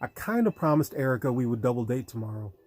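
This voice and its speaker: A man's voice: medium pitch, sing-song, fast, a little mellow, close to an everyday voice. A male audiobook reader voicing a joking teenage boy who talks in casual slang.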